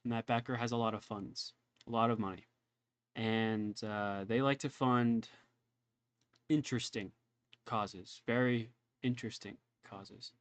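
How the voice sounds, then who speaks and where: Man doing a hushed, secretive old researcher. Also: lowish voice, fairly even intonation, dry recording, lightly acted. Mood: conspiratorial. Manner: hushed near-whisper, halting with many ums. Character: secretive male researcher, hesitant and conspiratorial. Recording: dull dry lo-fi mic.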